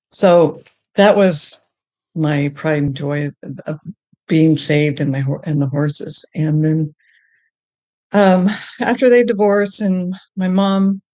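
A middle-aged woman sharing her personal faith testimony in conversation, halting with many restarts, and climbing high and excited when she tells of joy. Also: no room sound.

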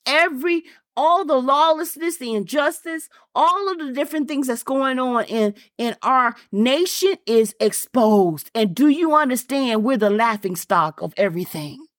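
A woman's voice: sits high, expressive, moderate pace, few pauses, dry recording, studio quality. A woman preaching a fervent sermon, repeating lines for emphasis and calling out directly to her listeners.

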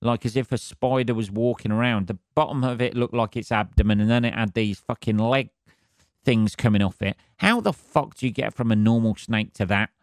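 A man's voice: lowish voice, a little fast, no echo, studio quality. Sweary man rambling alone. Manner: sweary, rambling, wry, asks for agreement. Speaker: podcast host. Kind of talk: rambling comic monologue.

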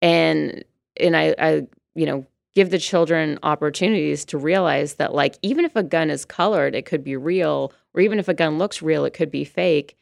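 A woman's voice: sits low, moderate pace, vocal fry, no echo, clean studio sound. A woman, a firearms instructor, answering interview questions in a chatty way with many fillers and restarts. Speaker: firearms instructor and brand ambassador.

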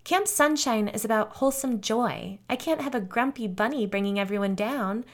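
A woman's voice: a little high, moderate pace, pitched above the performer's own voice, natural voice. A woman voicing a cheerful, murderous woman camp counselor who speaks in a sweet, sing-song voice with a sinister edge. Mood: chirpy sinister.

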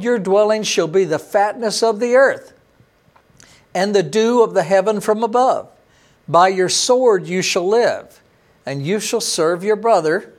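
A man preaching a sermon as pastor, reading Bible verses aloud with lifted emphasis and then dropping into quieter explanation. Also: sits high. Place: online church service.

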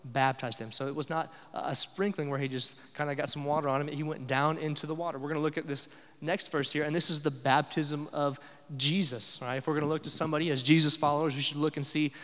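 A man's voice: on the high side, fairly even intonation, fast talker, pushed and bright, long reverb tail. A young adult man preaching a sermon as pastor, conversational, with filler uh's and rhetorical questions.

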